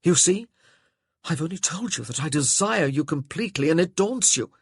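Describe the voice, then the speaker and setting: A man voicing a brooding, volatile nobleman who speaks low and strained, breaking into forceful outbursts. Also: animated, moderate pace, husky, dry recording, studio quality. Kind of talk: audiobook character voice.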